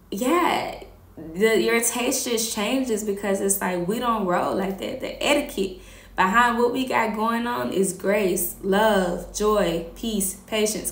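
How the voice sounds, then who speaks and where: A woman talking casually about faith as host, animated and slangy, laughing often. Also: medium pitch, echoey room. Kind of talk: casual faith talk to camera.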